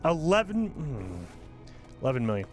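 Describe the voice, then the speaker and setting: A man giving casual gameplay commentary as a channel host, talking in an animated, exasperated rant. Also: a little high, normal speed, soft background music.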